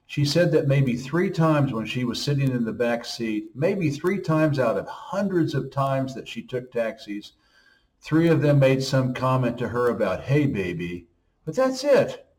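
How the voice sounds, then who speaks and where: A man's voice: medium pitch, very animated, a little slow, darkish tone. A man in his sixties from the United States, talking in a casual monologue and stressing his points as he lists them one after another. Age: 60s. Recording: voice a bit distant from the mic.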